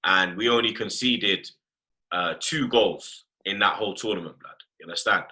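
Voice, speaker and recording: A man's voice: on the low side, moderate pace. A man hosting a casual football chat, full of slang and repeated tag phrases. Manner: animated slangy talk, repeats "blood" and "you get me". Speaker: host.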